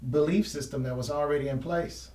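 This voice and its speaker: A man's voice: fairly high pitch, fairly quick, dark tone, recorded from a distance. A man hosting a painting history show from his art studio, talking casually and rambling with restarts and trailing phrases. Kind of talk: casual explanatory talk while painting. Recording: roomy sound from off-mic.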